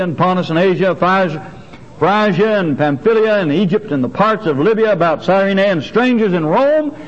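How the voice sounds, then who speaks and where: An older male pastor preaches with a high, swooping voice that rises and falls freely. He hammers home key phrases by repeating them. The sound is dull and lo-fi, with a long reverb trailing through a church hall. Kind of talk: sermon. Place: church sanctuary.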